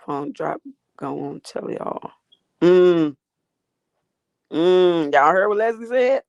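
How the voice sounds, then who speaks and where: A woman's voice: fairly low pitch, lively intonation, slow, gravelly, a little mellow, no echo, lo-fi sound. A woman hosting a livestream, ranting and talking back to her chat in a profane, confrontational way. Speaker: livestream host.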